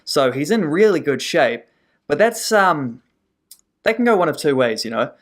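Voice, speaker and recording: A man's voice: fairly high pitch, big pitch swings, normal speed, fairly bright tone. A man, co-hosting a casual sports podcast and giving his take on a fight, thinking aloud with frequent ums and restarts. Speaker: co-host, sports pundit.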